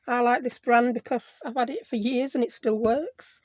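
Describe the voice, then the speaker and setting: A woman's voice: a little high, steady tone, moderate pace, a little mellow, no echo. A woman hosting a casual craft tutorial, chatty and self-deprecating, thinking aloud as she works. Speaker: craft video host.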